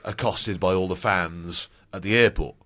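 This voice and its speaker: Low-voiced man in thoughtful podcast chat. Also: moderate pace, a bit bright. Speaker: podcast co-host.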